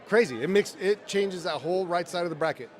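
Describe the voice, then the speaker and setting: A man answering quick interview questions outdoors at an event, hesitant and fond of dry jokes. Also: high voice. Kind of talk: casual on-the-spot interview.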